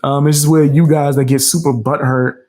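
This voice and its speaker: A man's voice: fairly high pitch, steady tone, a little fast, a little mellow. A man hosting a reaction commentary, defiant and mocking, with casual slang and frequent laughs. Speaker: commentary channel host.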